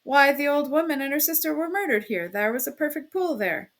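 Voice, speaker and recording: A woman voicing a brooding young male student who speaks in slow, lazy, dreamy and jeering tones. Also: high-pitched, expressive, voice pushed up. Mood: detached.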